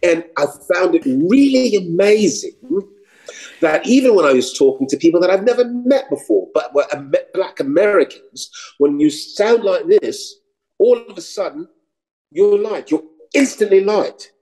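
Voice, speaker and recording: A man from New York, an actor and comedian, telling anecdotes in an animated way, switching voices and swearing casually. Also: high voice, normal speed, low-quality recording. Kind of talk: anecdotal storytelling.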